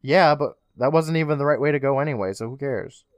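A man's voice: medium pitch, a little fast, no echo, studio quality. A man co-hosting a podcast, casually recapping a TV episode with sarcastic asides and the odd swear. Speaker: podcast co-host.

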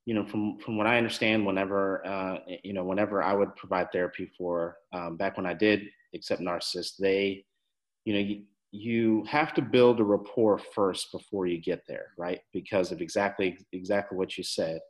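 Host: man with a lowish voice, gentle probing questions, halting delivery. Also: level tone, low-quality recording. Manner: gentle, hesitant, many fillers and restarts. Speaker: host, former therapist. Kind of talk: interview questions.

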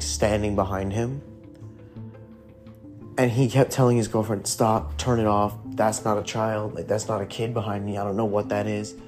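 A man's voice: on the low side, darkish tone. A young man casually telling a ghost story from his youth, rambling and swearing, with lots of fillers. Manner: profane, rambling, heavy with fillers. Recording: faint guitar music behind.

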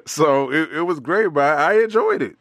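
A man co-hosting a casual chat, laid-back and quick to laugh. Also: a little high, expressive, a bit bright, no room sound, studio quality. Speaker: podcast co-host.

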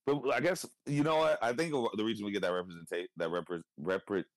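A man from California with a Californian accent, chatting casually in a relaxed way, swearing and laughing a lot. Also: lowish voice, quick pace, no echo. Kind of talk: casual chat.

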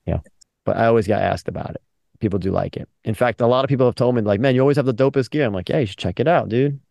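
A man's voice: on the low side, quick pace, gravelly, darkish tone, no room sound. A man co-hosting a casual podcast, laid-back with a dry sense of humor. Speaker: podcast co-host. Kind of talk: casual chat.

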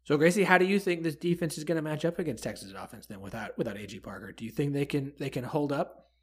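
A man's voice: a little high, expressive, husky. A man hosting a sports podcast, asking his guests brief questions. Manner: brief questions, quick laughs. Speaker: podcast host. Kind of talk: casual sports chat.

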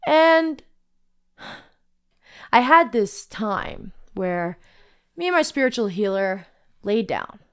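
Young woman just talking, super animated and chatty, kinda high voice. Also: slow pace, pauses often, smooth. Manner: chatty, full of "like", acts out quoted dialogue. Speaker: vlogger telling a personal story. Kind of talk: casual storytelling monologue.

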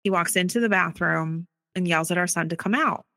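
Earnest woman, bright dry voice. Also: on the low side, no room sound. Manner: earnest, recounts events quickly with acted quoted dialogue. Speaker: interviewee sharing her story. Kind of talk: personal testimony storytelling.

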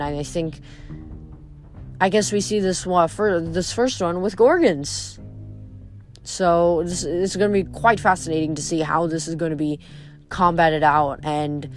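A woman reading a novel aloud, adding chatty, musing comments between chapters. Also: sits low. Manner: chatty, musing, halting asides. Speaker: reader. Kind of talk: casual book reading with commentary.

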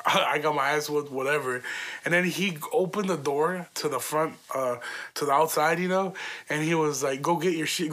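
A man's voice: a little high, sharp tone. A young man hosting his own podcast, telling a story in a loose, profane, casual way with laughs along the way. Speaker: podcast host.

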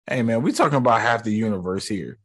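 A man's voice: lowish voice, lively intonation, fast talker, a bit bright. Man, movie vlogger, casual ranking chat, slangy, profane, talks right to viewers.

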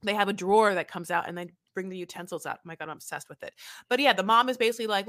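A woman's voice: mid-range voice, fast talker, a bit bright. A woman co-hosting a podcast, chatting casually and retelling scenes dramatically with quoted voices. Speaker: podcast co-host. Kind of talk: casual recap chat.

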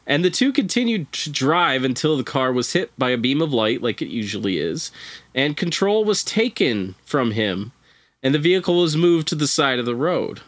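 A man's voice: medium pitch, a bit bright, dry recording. A man who is a podcast guest, telling a strange story in laid-back, casual chat with profane, wry asides.

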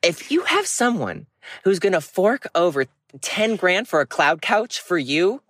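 A man's voice: sits high, sing-song, unhurried, a bit bright, dry recording, clean studio sound. A man co-hosting a casual advice chat, brash, emphatic and full of swearing. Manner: brash, profane, emphatic ranting. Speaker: advice podcast co-host.

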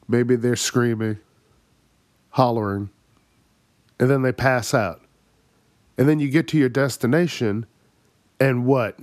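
A man's voice: medium pitch, no room sound, clean studio sound. A man hosting his own comedy podcast, ranting in exasperated, profane bursts and laughing at his own jokes. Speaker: podcast host. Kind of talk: solo comedic rant.

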